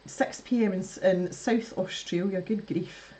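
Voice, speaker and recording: A woman from the West Coast of Scotland with a softened West Coast Scottish accent, chatting casually on a livestream, laughing often and restarting her sentences. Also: mid-range voice, steady tone, measured pace, slightly rough. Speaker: art livestream host. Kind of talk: casual chat reading live comments.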